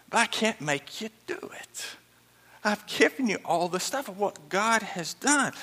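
A man's voice: a little high, creaky, pushed and bright, slightly rough, big-room sound. A man preaching an expository sermon, emphatic and pleading, with chuckles and asides to the congregation. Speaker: pastor.

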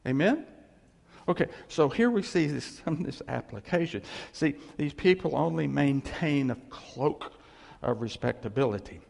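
A man's voice: fairly high pitch, lively intonation, normal speed, gravelly, a little mellow, long reverb tail. A man preaching a sermon as pastor, conversational, with chuckles and asides to the congregation.

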